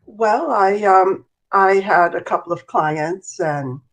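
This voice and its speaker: Congested woman with a deepened voice. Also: a little slow. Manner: calm and wry, calls people darling. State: congested, voice deeper than usual. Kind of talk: casual podcast chat.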